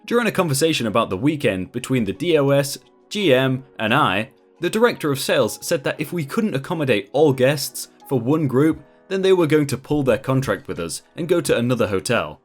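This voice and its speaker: A man hosting a channel and reading Reddit stories aloud in a lively, conversational way. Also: medium pitch, fairly quick, soft background music. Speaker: host.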